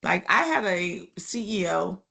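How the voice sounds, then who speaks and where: A woman's voice: on the low side, lively intonation, a little slow, creaky, sharp tone, husky. A woman instructor giving a casual online class lecture, chatty and often asking the class "right?" and "you know".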